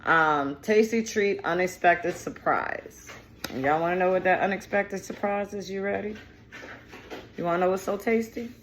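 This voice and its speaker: A woman's voice: lowish voice, moderate pace, slight background noise. A woman giving a casual tarot reading, chatty and digressive, with slang and profanity. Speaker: tarot reader.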